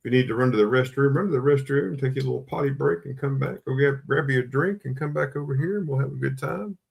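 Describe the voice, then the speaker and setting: A man's voice: medium pitch, fast talker, gravelly, breathy edge. A man hosting a casual live-stream coin sale, greeting viewers by name over and over in a chatty way. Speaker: livestream host selling coins.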